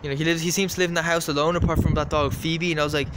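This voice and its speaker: An Irish man spins a casual, rambling story, circling back on himself and leaning on fillers. His voice sits a bit high for a man, with faint background noise behind him. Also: level tone, racing. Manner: rambling, repetitive, many fillers. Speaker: vlogger.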